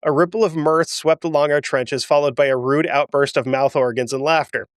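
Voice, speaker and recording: Brief: male podcast host, slightly high voice, reads history aloud with candid personal asides, dry close mic. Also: steady tone, normal speed, clean tone, no echo. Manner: emotional, self-deprecating asides between readings. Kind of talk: reading a historical account with asides.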